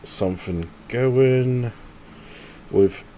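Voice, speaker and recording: A man's voice: medium pitch, very slow, warm tone, a little hiss or hum. A man, chatting casually with teammates while live streaming a strategy game and thinking aloud. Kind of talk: casual gaming commentary talking to teammates.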